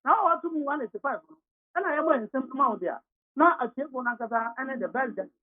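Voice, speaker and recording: A woman's voice: high-pitched, expressive, quick pace. A woman with a Ghanaian accent giving argumentative political commentary on a radio talk show, rattling off figures as she switches between Twi and English. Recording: tinny phone-line radio audio.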